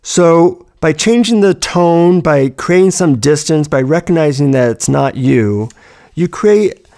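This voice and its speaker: A man's voice: fairly high pitch, creaky, mellow. A man giving a reflective self-help talk, telling personal stories about handling negative thoughts.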